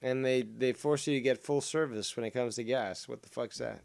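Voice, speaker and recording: A man's voice: medium pitch, fairly even intonation, moderate pace, gravelly, a little mellow, dry recording. A man, chiming in on a podcast with short, blunt, profane remarks. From New York. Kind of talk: casual podcast chat.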